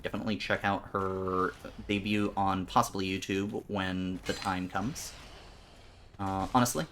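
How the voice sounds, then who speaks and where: A man's voice: sits low, level tone, a little slow, a bit bright, a little hiss or hum. A man streaming live, chatting casually with his viewers in a rambling way, often stumbling and repeating words.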